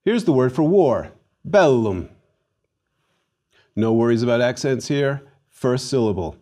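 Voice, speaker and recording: A man teaching a recorded Latin lesson, leading slow, deliberate pronunciation drills and giving emphatic, theatrical readings of Latin words. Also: mid-range voice, very animated, mellow.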